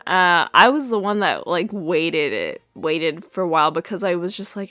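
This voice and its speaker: A woman's voice: fairly low pitch, animated, moderate pace, hardly any pauses, bright, forceful tone, no echo. A young woman podcast host recapping a sitcom episode in a chatty way, full of fillers and restarts. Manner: chatty, many fillers and restarts, laughs at own retelling.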